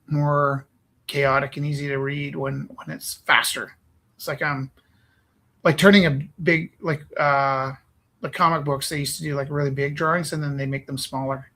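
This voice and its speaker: Guy hosting an art stream, kinda high bright voice, rambly and goofy. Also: rough recording. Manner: rambling, playful, trails off mid-thought. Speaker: live art stream host. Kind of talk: casual chat while drawing.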